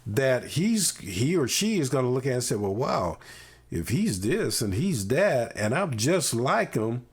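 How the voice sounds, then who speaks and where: Husky guy hosting a podcast, slow and earnest, voice swings up and down a lot. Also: medium pitch, very animated. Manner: earnest, emphatic, folksy asides. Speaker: podcast host. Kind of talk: conversational interview.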